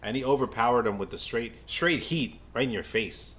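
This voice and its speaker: A man livestreaming a baseball game as a fan, giving casual play-by-play to his chat, stammering and repeating himself, then bursting out when a play excites him. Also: medium pitch, moderate pace. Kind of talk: casual live game watch-along commentary.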